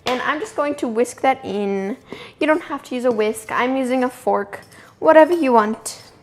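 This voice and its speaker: A woman's voice: high-pitched, moderate pace. Chatty young woman baking at home. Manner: chatty, self-amused, talks while working in the kitchen. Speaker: home baking video host. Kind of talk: casual cooking tutorial narration. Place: home kitchen.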